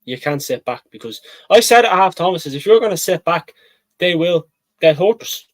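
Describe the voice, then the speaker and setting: Brief: man with a fairly high voice, dry close sound, rambling excitedly about a football match. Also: moderate pace, no room sound, poor audio. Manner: excitable, rambling, says "mate" often. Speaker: football podcast co-host. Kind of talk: casual match-reaction chat.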